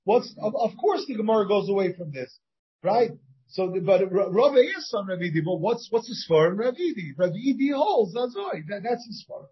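A man's voice: extremely high pitch, very animated, fairly quick, slightly rough, muffled recording. A rabbi teaching a casual Talmud study class. He thinks aloud, restarts often, and puts questions to his students. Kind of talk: informal Talmud study lesson. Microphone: shared class recording, partly over a video call.

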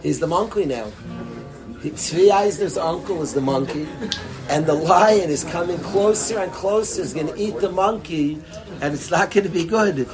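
A man telling a joke and drawing a lesson from it, in a lively, rambling way and sprinkling in Yiddish words. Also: high-pitched, moderate pace, music in the background. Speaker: storyteller and speaker. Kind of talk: animated storytelling talk with a lesson.

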